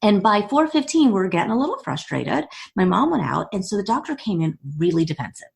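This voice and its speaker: A woman guest on a podcast interview, telling a personal story with quick bursts, restarts and laughs. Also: mid-range voice, very animated, gravelly. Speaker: guest, author and CEO.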